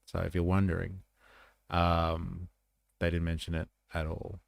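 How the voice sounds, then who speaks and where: A man's voice: low voice, completely flat delivery, measured pace, vocal fry, dry recording, studio quality. An Australian man hosting a livestream, rambling casually and swearing as he reacts to news. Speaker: livestream host. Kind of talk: casual commentary stream.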